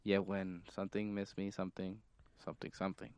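Young male co-host, smooth and clean, mid pitch, laid-back deadpan delivery, dry close mic. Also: fairly quick, dry recording. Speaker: podcast co-host. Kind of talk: casual chat.

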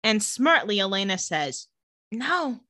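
A woman co-hosting a casual chat, retelling scenes and quoting characters in quick voices. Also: medium pitch, very animated, a bit bright, no echo. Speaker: podcast co-host recapping a TV episode.

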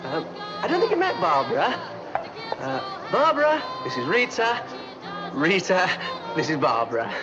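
A man's voice: high-pitched, huge pitch swings, moderate pace, long pauses, a crowd in the background. An actor playing an evasive young man trying to placate two fiancées. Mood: placating. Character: smooth-talking young man caught between two fiancées. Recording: dull old film audio with music.

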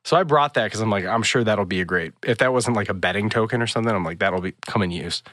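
A man's voice: lowish voice, fast talker, no echo. A man on a podcast telling a story with energy and acting out bits of dialogue in a casual chat. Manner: animated storyteller, acts out dialogue. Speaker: podcast host.

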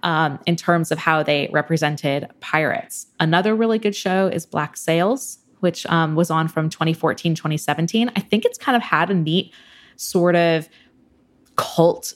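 A woman's voice: low voice, measured pace. A woman speaking as an expert guest, explaining history casually with frequent ums.

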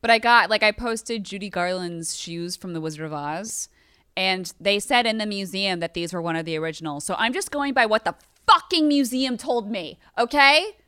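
A woman's voice: mid-range voice, animated, normal speed, bright, forceful tone, clean tone, dry recording, clean studio sound. A woman in her thirties co-hosting a podcast, ranting in casual, profane, exasperated chat. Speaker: podcast co-host.

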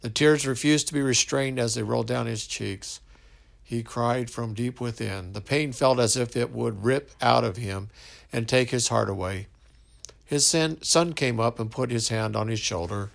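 Male storyteller, slow and measured, low gravelly voice. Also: a bit bright. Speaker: narrator. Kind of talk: story narration.

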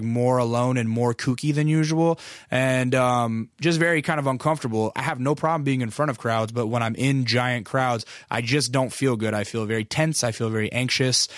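A man's voice: medium pitch, a bit bright, dry recording, studio quality. Rambling, cursing man telling a story. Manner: rambling, profane, self-deprecating. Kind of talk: casual storytelling monologue.

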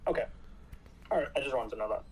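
A man calling in to a podcast, asking hesitant, measured questions. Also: mid-range voice, animated, breathy edge, rough recording. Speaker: caller. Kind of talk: casual podcast chat.

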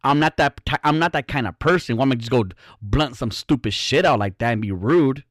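A man's voice: mid-range voice, brisk, no echo, studio quality. A man hosting his own podcast, ranting bluntly in a casual, profane, rambling way. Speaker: podcast host. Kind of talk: casual solo podcast rant.

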